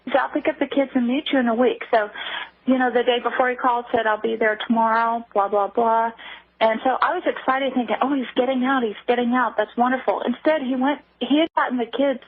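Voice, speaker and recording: A woman guest calls in to a radio interview, her voice husky and slightly high. She halts and restarts often as she talks. The phone line is thin, tinny and dry. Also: steady tone, no room sound. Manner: halting, with many restarts. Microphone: telephone.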